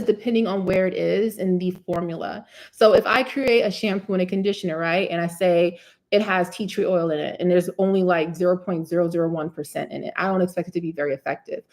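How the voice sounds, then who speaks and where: A woman's voice: lowish voice, a little fast, darkish tone. A woman from New Jersey with a New Jersey accent, hosting a live hair care Q&A in a chatty style full of "you know what I'm saying". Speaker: curly hair care host answering live questions. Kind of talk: live Q&A chat. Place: indoors, live stream.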